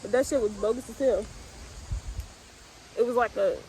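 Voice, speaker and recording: A woman's voice: fairly high pitch, normal speed, warm tone, slight background noise, low-quality recording. A young woman from the US Midwest telling a storytime in a blunt, profane, laid-back way with lots of fillers. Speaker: vlogger. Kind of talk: casual storytime.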